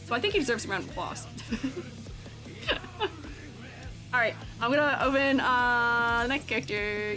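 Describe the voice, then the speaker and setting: A young woman with a high, bouncy voice chats on a livestream, taking her time between thoughts and breaking into giggles. Faint music plays underneath her talk. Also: unhurried, long pauses. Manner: giggly and playful, laughs often, lively swings in pitch. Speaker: streamer and character design teacher. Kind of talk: casual livestream chat reacting to chat.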